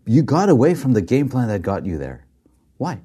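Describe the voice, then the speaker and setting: A man interviewing a guest in a relaxed conversation, engaged, reacting often and asking reflective questions. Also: mid-range voice, normal speed, breathy edge.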